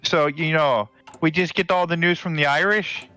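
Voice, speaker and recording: A man's voice: fairly high pitch, steady tone, moderate pace, sharp tone, faint music behind, poor audio. A man playing a strategy game online, putting on a joke Canadian accent. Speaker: player. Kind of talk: casual multiplayer game chat.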